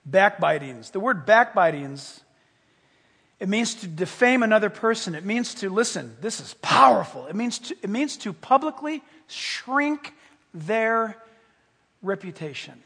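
A man preaching a sermon, animated and playful, acting out little scenes and dropping into whispers for effect. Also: sits high, a little slow, husky. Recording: hall reverb, from a distance.

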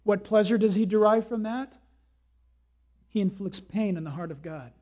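A man preaching a sermon as pastor, dramatic, acting out quotes with sudden shouts and drops to a hush. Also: high-pitched.

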